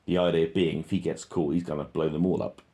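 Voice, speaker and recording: A man's voice: very deep voice, steady tone, a little fast, mellow. A man reading a transcript aloud and commenting on it, in an offhand way with many ums and self-corrections. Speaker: reader and commentator.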